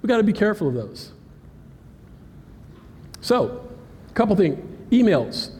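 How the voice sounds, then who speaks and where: A man giving an animated, joking cybersecurity presentation at a live conference, talking straight to the audience. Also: sits high, unhurried, husky. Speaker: cybersecurity speaker. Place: conference hall. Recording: hall reverb with faint ambience.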